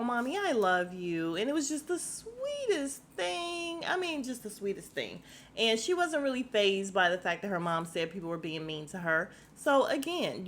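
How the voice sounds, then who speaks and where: A woman hosts a casual podcast recapping a reality show, speaking directly to her listeners. She laughs a lot, talks bluntly and swears now and then, in a mid-range, fairly bright voice with slight background noise.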